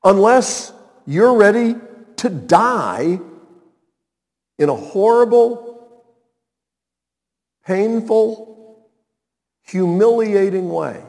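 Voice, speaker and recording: A man's voice: high voice, expressive, very slow, creaky, pauses often, a little mellow, in a large hall. A male pastor preaching a sermon in an emphatic way, repeating his key phrases.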